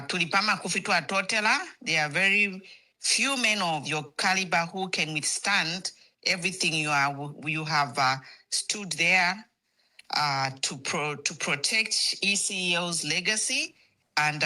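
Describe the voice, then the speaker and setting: A woman calls in over the phone, speaking slowly and earnestly with a bright, sharp tone. Her voice is lower than most women's, and she halts often with fillers as her emotion shows. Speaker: caller. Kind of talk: call-in comment to a political show.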